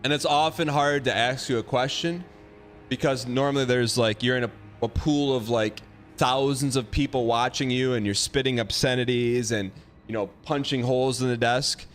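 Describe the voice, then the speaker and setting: A man's voice: medium pitch, steady tone, moderate pace, faint music behind. A man hosting a gaming livestream, chatting casually, joking and reading out chat. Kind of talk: casual chat while streaming a game.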